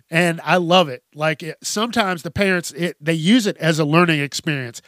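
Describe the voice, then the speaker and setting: A man's voice: fairly high pitch, moderate pace, a bit bright, no room sound. Profane, ranting man with a dry close sound. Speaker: podcast host. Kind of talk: ranting comedic monologue.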